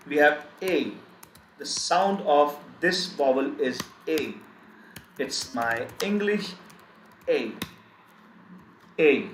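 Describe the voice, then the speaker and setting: Slow, repetitive man teaching pronunciation. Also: on the high side, a bit bright, a little hiss or hum. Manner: slow, repeats each sound several times. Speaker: German teacher. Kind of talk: live online language lesson. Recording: echoey room, faint keyboard typing.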